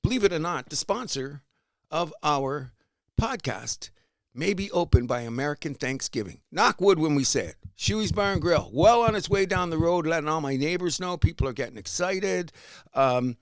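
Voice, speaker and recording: A Canadian man co-hosting a casual sports podcast, loud and rambling, swinging between shouting and muttering. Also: on the high side, lively intonation, moderate pace, no echo. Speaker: podcast co-host.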